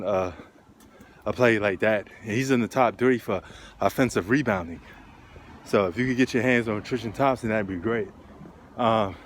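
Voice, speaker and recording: A man's voice: on the low side, slight background noise. A man talking basketball while walking uphill outdoors, a little out of breath and rambling with lots of ums. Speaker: sports vlogger. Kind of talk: casual walking vlog.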